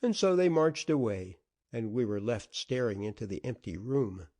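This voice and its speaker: A man narrating an old-fashioned audiobook story in an expressive, dramatic way. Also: mid-range voice, normal speed.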